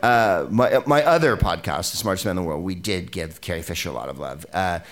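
A man's voice: deep voice, lively intonation, fairly quick. A man hosting a podcast in a rambling, comic, profane talk about old films, full of digressions and laughing asides. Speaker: podcast host. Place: live venue with an audience.

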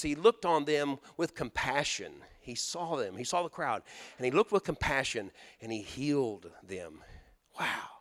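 Pastor, man, high and animated delivery, folksy sermon in a reverberant church hall. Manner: folksy, storytelling, rhetorical questions to the congregation.

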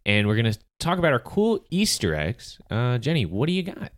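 A man's voice: medium pitch, huge pitch swings, fairly quick. A man from rural South Carolina hosting a casual movie podcast, steering the segments with enthusiasm. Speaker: podcast host.

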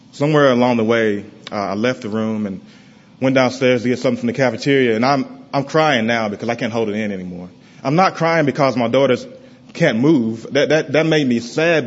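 Man, middle-range voice, halting testimony before a congregation, muffled low-fi sound. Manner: halting, with many pauses and restarts, often dropping soft and low. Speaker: father giving a church testimony. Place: church in front of a congregation.

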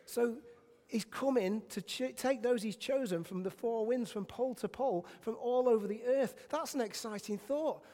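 A middle-aged man from England preaching a sermon in a church, telling stories with humor and shouting at times. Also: extremely high pitch, moderate pace. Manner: animated, self-deprecating storytelling with bursts of shouting. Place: church sanctuary. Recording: church hall with long reverb.

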